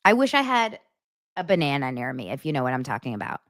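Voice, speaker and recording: A woman's voice: very deep voice, very animated, fast talker, fairly bright tone, dry recording, clean studio sound. A woman hosting a live commentary show, reading out messages and reacting with incredulous, laughing remarks.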